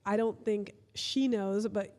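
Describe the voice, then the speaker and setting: A woman's voice: mid-range voice, steady tone, slow, warm tone, big-room sound. A woman hosting a podcast, asking questions in a friendly, upbeat casual chat. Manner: friendly, upbeat, laughs often. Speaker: podcast host.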